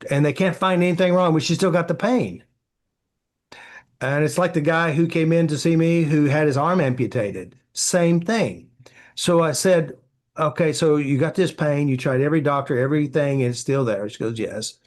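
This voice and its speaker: A man's voice: on the high side, moderate pace. A man, a therapy practitioner, answering interview questions with anecdotes, acting out quoted dialogue and filling with "you know".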